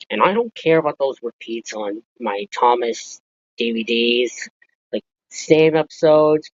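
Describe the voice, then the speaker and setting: A man's voice: mid-range voice, no room sound. A man calling in as a guest on a chat stream, talking plainly and a little hesitantly. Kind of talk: casual chat on a call. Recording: dry lo-fi call audio.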